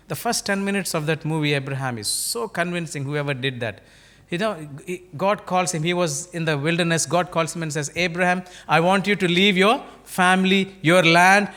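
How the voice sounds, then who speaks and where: A male pastor with an Indian English accent delivers a sermon, his voice sitting a touch high for a man. He tells stories by acting out the dialogue and keeps turning to the congregation with rhetorical questions. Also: pushed and bright.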